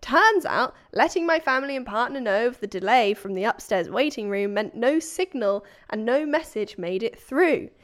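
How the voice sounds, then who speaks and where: A woman's voice: on the high side, expressive, moderate pace, hardly any pauses, fairly bright tone. A woman co-hosting a podcast, reading a listener's story aloud in a chatty, playful way and breaking off to joke. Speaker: podcast co-host.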